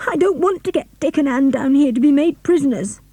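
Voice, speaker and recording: A woman's voice: a little high, lively intonation, a little slow, mellow, no room sound, voice pushed up. A fierce, stubborn tomboy girl speaks with emphasis, as a woman puts her on. The voice sits well above the reader's own. The sound is dry and close. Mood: desperate. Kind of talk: audiobook character reading.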